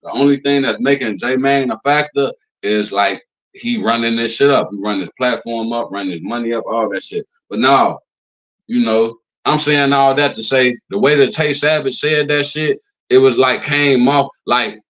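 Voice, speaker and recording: A man in the middle of a loose, profane commentary rant, leaning on fillers like "you know" and "like" as he goes. His voice sits in an ordinary male pitch, and the recording comes through a little dull and lo-fi. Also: normal speed, a bit bright. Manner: acts out quotes in a higher voice. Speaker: commentary channel host.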